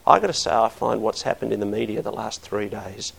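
A man's voice: fairly low pitch, a little fast, gravelly, husky. A middle-aged man preaching a sermon, earnest and building to emphatic bursts.

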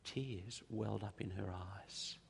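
A middle-aged Australian man preaching a sermon, telling stories and repeating phrases for emphasis, slowing down on key points. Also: lowish voice, gravelly, slight background noise. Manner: storytelling, emphatic repetition, slows down for key points. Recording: long reverb of a large hall.

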